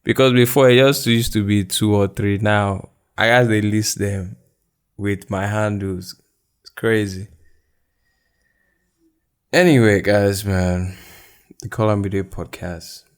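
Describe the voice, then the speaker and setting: A man's voice: lowish voice, steady tone, slow pace, pauses often, clean tone. A man, hosting a solo podcast in a candid, rambling way. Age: 20s. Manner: candid, rambling, thinking aloud. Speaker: podcast host. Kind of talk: casual solo podcast chat.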